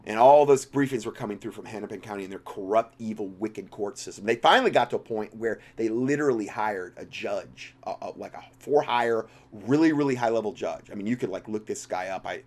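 A man's voice: fairly low pitch, brisk, hardly any pauses. A man hosting a talk show, giving an impassioned, rambling commentary full of restarts. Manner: impassioned, rambling, with frequent restarts and big swings in loudness. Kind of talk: religious political commentary monologue.

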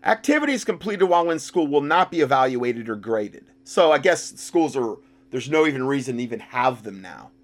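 A man giving sarcastic commentary while reading documents, mocking the text and rising to loud outbursts. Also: mid-range voice, big pitch swings, moderate pace. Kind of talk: sarcastic commentary with read-out passages.

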